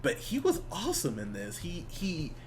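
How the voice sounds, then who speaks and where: A man's voice: on the high side, wildly swooping pitch, moderate pace, a little hiss or hum. A man co-hosting a podcast, reviewing a film in loose, joking casual chat full of restarts. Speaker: podcast co-host.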